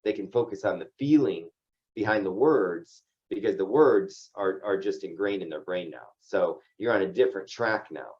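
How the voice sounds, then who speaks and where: A man's voice: deep voice, normal speed, a little mellow, muffled recording. A man leading an insurance agency's training call, talking loosely and conversationally and often tagging his points with "right?". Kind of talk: casual team training talk.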